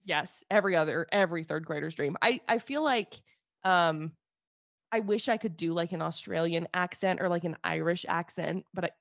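A young woman from Utah co-hosting a casual podcast, rambling and animated and poking fun at herself. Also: lowish voice, moderate pace, gravelly, no echo, highs cut off. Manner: rambling, animated, self-deprecating. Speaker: podcast co-host. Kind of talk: casual chat.

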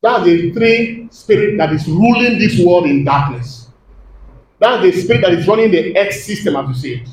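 High-voiced preacher in an echoey church. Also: male voice, expressive, moderate pace. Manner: emphatic preaching, calls to the congregation. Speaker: pastor. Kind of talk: sermon. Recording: echoey room with faint background hum.

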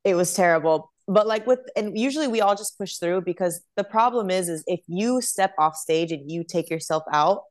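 A young woman with a slightly low voice tells her stories in a lively, chatty way. She talks casually as an interview guest, looking back on life as a dancer on tour. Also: moderate pace, few pauses. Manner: chatty, animated storytelling.

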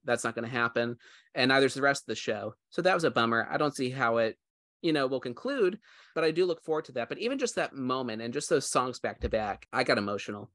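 A man's voice: medium pitch, sharp tone, dry recording. Rambling heartfelt man, dry sound. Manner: rambling, heartfelt, many fillers. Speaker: podcast co-host. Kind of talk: casual chat.

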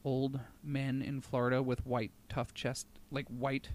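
A man's voice: mid-range voice, completely flat delivery, a little slow. A man talking as a podcast guest in casual chat, blunt and joking, with frequent restarts.

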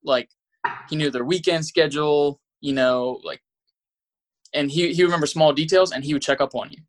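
A young man who is a podcast guest, talking in a relaxed way with many fillers. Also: fairly high pitch, moderate pace. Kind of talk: casual chat.

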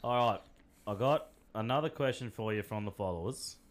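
A man's voice: fairly low pitch, fairly quick. A man with an Australian accent hosting a podcast, spinning laid-back yarns in casual chat and swearing freely. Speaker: podcast host.

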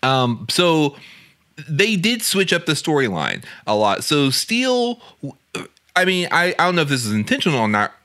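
Lively, bright-voiced male podcast co-host. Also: a little high, moderate pace. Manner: enthusiastic, laughs easily. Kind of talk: casual movie podcast chat.

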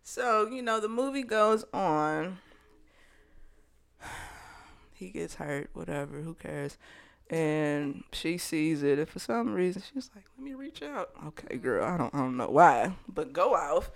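A woman recapping a movie in casual chat, telling it bluntly with lots of swearing and animated storytelling. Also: deep voice, unhurried, vocal fry.

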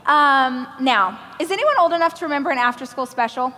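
Brief: woman keynote speaker, bright high voice, lively self-mocking storyteller, big reverberant hall. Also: fast talker, slight background noise. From Oklahoma, US. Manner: animated storytelling, acting out other people's lines; self-deprecating humor. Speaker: motivational speaker. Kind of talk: keynote speech. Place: large event stage.

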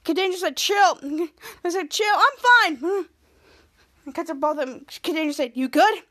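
Female podcast host, high voice, casual recap, halting and repetitive delivery. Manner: halting, repetitive retelling with many restarts and "cut to".

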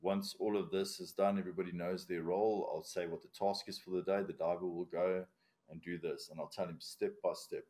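A very deep-voiced man with a non-native English accent talks through work procedures in a relaxed podcast chat. He lays things out step by step, plainly and bluntly, with casual swearing mixed in. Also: a little fast. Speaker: commercial diver, guest.

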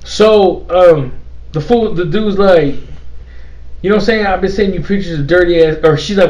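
A man's voice: high-pitched, fairly quick, a little mellow, lo-fi sound. A man hosting a casual chat and telling a story in a loose, laughing way, acting out the people in it. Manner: loose, laughing retelling with playacted quotes. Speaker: host. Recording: faint noise, set back from the mic.

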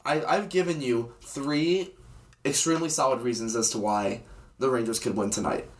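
A young man co-hosting a podcast, chatting about hockey in a teasing, sarcastic, rapid-fire way. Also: medium pitch, slight background noise. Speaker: podcast co-host. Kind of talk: casual sports banter.

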